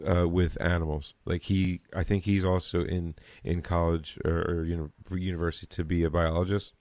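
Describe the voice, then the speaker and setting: An American man hosting a podcast, chatting casually with quick stammering restarts and casual swearing. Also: deep voice, darkish tone, no echo, studio quality. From United States. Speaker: podcast host. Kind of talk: casual chat.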